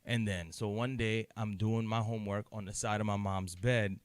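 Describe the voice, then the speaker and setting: A man's voice: on the low side, fairly even intonation, moderate pace, smooth, no echo. A man co-hosting a casual podcast, telling personal stories frankly and with a lot of profanity. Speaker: podcast co-host.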